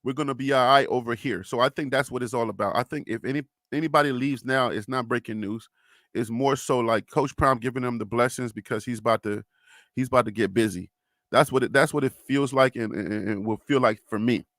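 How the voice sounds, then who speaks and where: A man's voice: mid-range voice, fairly quick, fairly bright tone, no room sound, studio quality. A young man hosting a casual sports live stream, chatting loosely and reading viewer comments aloud with frequent laughs.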